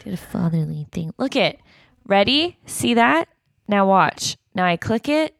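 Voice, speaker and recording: A woman's voice: medium pitch, sing-song, a little slow, gravelly, no echo, clean studio sound. A young woman co-hosting a casual chat with her father, playful and teasing. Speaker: podcast co-host, daughter.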